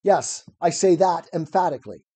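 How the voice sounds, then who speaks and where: A man's voice: fairly high pitch, animated, moderate pace, dark tone, breathy edge. A man reading the part of a stubborn male accuser who answers curtly. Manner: curt, insistent.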